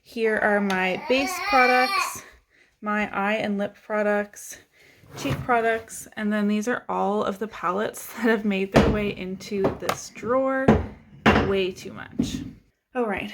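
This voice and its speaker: A young adult beauty vlogger with a mid-range, steady voice talks a little slowly as she goes through her makeup drawer. Her casual chat is chatty and self-deprecating, with frequent laughter.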